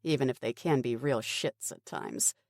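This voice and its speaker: A woman voicing a blunt, sarcastic young woman survivor who teases her friends, in an audiobook read on a low, dark, dry voice. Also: normal speed, no echo.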